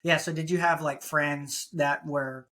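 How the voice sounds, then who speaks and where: A man's voice: fairly high pitch, steady tone, measured pace, sharp tone. A man in his thirties hosting a faith podcast, talking loosely with lots of "you know" and "like.". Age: 30s. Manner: conversational, many fillers like "you know" and "like". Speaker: podcast host. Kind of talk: casual interview chat.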